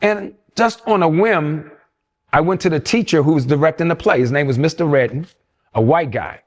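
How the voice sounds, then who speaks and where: Older man, animated storyteller. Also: fairly high pitch, normal speed. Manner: animated storyteller who acts out quoted voices. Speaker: interview guest. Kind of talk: storytelling interview.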